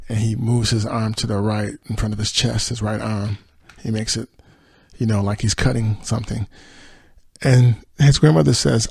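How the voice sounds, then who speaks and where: Gravelly-voiced man recapping a show. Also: medium pitch, fairly even intonation, moderate pace, a little mellow, no room sound. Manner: chatty, many fillers, quotes characters in his own voice. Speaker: podcast host. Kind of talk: casual episode recap.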